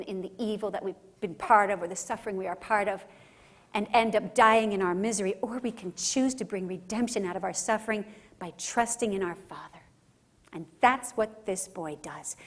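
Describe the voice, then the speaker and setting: A woman speaker giving an emphatic religious teaching talk at a conference, often checking in with the audience. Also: mid-range voice. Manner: emphatic, often tags lines with "right?". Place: conference center.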